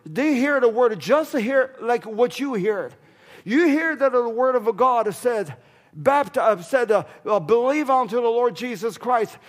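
High-voiced fervent male preacher. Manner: fervent, repetitive preaching with broken English. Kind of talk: sermon.

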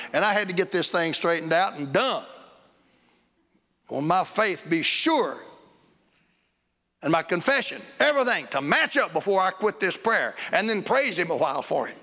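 Man preacher, gravelly, storytelling, big hall reverb. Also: a little high, brisk. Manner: storytelling, rising to excited bursts. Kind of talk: sermon. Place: church hall. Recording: echoey hall.

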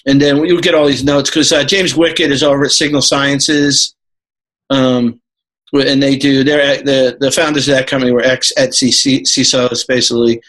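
A man's voice: mid-range voice, level tone, normal speed, a bit bright, low-quality recording. A man from New York, a podcast guest, talking in a rambling, casual way with lots of fillers and laughing asides.

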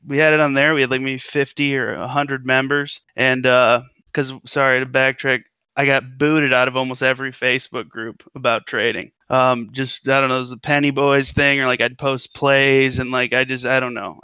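A man's voice: mid-range voice, little pitch movement, moderate pace, hardly any pauses, sharp tone, smooth, no room sound. A man chatting as a podcast guest in a laid-back, rambling, jokey way. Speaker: guest, stock trading group leader. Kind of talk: casual podcast chat. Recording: dull lo-fi audio.

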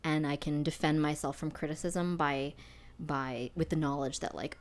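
A woman's voice: low-pitched, fairly even intonation, normal speed. A woman co-hosting a podcast in casual chat, chatty and self-deprecating, laughing often. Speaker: podcast co-host.

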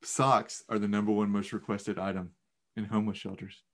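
Deadpan teasing podcast co-host man. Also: lowish voice, a little fast, a little hiss or hum. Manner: dry teasing, deadpan jokes. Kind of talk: casual chat.

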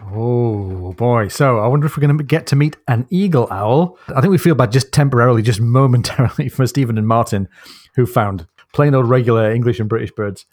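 A man's voice: medium pitch, a little fast, a little mellow, no echo. Enthusiastic guy chatting about a book on a podcast, dry close sound. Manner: enthusiastic, recounts the story with frequent laughs. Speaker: podcast co-host. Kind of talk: casual book discussion.

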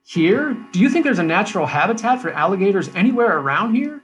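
A startled mother in middle age exclaims in alarm, her voice pushed up and loud, as a man puts her on. She sounds lively and animated. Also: high-pitched, quick pace, voice pushed up.

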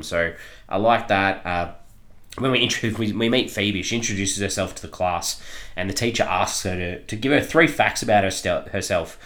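A man's voice: low voice, fairly bright tone. A man co-hosting a podcast, reviewing a film in casual chat, rambling with lots of ums and frequent laughter. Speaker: podcast co-host reviewing films.

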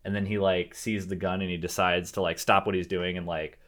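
A young man with a fairly low voice talks through a film in relaxed, casual chat. He rambles, piling on fillers and restarting his sentences as he thinks aloud. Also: brisk. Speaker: podcast co-host discussing a film.

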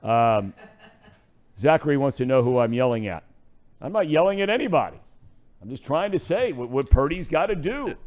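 A man's voice: medium pitch, very animated, moderate pace, pauses often, a little mellow. A middle-aged man hosting a sports talk radio show, ranting in a fired-up way.

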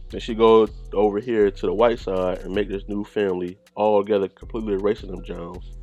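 A man's voice: on the low side, a little mellow, lo-fi sound. A man hosting a podcast, talking in a casual, slangy, digressive way and joking as he rambles. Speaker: podcast host.

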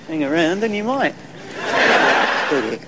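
A man's voice: fairly high pitch, lively intonation, measured pace, a loud crowd, heavy background noise. An actor playing an eager, scheming young man in a TV sitcom. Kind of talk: TV sitcom acting.

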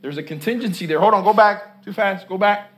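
A man's voice: high voice, fairly quick, a bit bright. A man preaching a sermon, reading scripture and calling on the congregation to answer his repeated questions. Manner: reads scripture and stops to comment. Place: church with congregation.

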